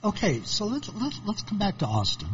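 A man hosts the conversation with halting, restarting questions and a lively, wide-ranging voice. The recording is muffled, with steady background noise clearly audible. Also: high voice. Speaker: interview host. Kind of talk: casual interview questions.

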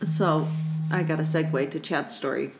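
A woman's voice: deep voice, fairly even intonation, moderate pace, very noisy. A woman co-hosting a casual chat, retelling a secondhand story in a wry, giggly way. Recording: roomy echo.

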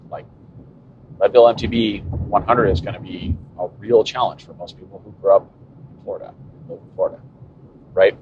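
Fifties male podcast host, low voice, wry and sarcastic, recorded in a moving car, dull sound with faint road hum. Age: 50s. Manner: wry, sarcastic, thinking aloud. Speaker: cycling podcast host and coach. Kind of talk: solo podcast monologue.

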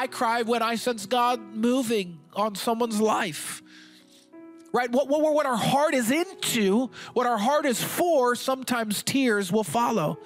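A man's voice: extremely high pitch, a bit bright. A man pastor preaching a sermon with passion, often restarting and stammering as he presses his points.

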